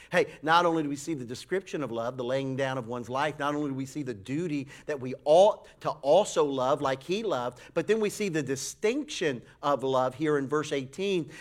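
A man preaching a sermon, telling a folksy story with animated voices for the people in it. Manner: folksy, animated storytelling with acted high-pitched quotes. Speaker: pastor.

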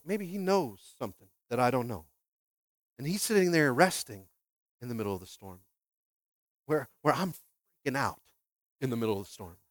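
A male pastor delivers a lively sermon, posing questions to the congregation and alternating between quiet asides and loud, emphatic bursts. He often repeats words as he restarts. His voice sits on the high side, and the recording is dry.

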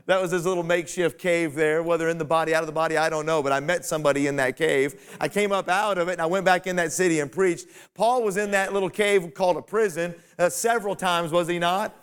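A man's voice: a little high, steady tone, fast talker, clear, resonant tone. Folksy male preacher, dynamic delivery. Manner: folksy preaching, rising to emphatic peaks. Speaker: pastor. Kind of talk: sermon.

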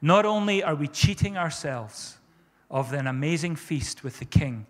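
A man's voice: on the high side, lively intonation, measured pace, a bit bright, long reverb tail. A man preaching a sermon as pastor, fervent and repeating his phrases for emphasis.

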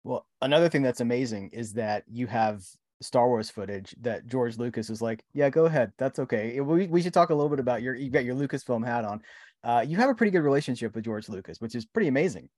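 A man hosting a podcast, asking quick, enthusiastic questions of a guest. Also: mid-range voice, expressive, darkish tone, no echo, clean studio sound. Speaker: podcast host. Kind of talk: interviewing a guest.

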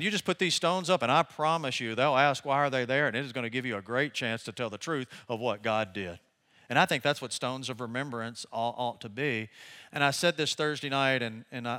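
Bright-voiced older man preaching. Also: medium pitch. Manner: conversational, animated storytelling with laughter. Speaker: pastor. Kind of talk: sermon.

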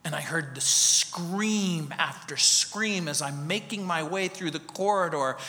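A man in his fifties preaches a sermon and tells a story with drama, rising high, then sinking to a hush. His voice is very bright and fairly high. A long reverb trails off around him in a hall. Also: a little slow. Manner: dramatic storytelling, swinging from loud to hushed. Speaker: pastor.

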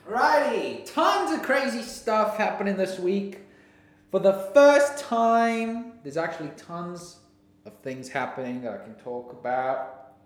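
Young male podcast host, goofy and rambling, high animated voice, roomy sound. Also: unhurried. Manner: goofy, jumps between silly voices and mumbling. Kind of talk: casual solo podcast rambling.

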